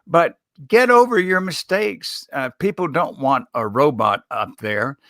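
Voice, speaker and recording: Bright-voiced man coaching on communication. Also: a little high, dry recording, studio quality. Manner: measured, instructive, chuckles while making points. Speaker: guest communication consultant. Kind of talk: live show interview.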